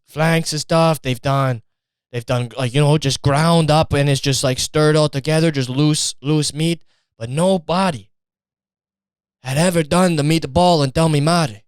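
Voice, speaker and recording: A man's voice: fairly high pitch, smooth, dry recording, clean studio sound, natural voice. A man putting on a fake Italian accent to play a boastful Italian man who insists his family invented famous dishes. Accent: put-on Italian. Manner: insistent and grandiose, brushes off doubt.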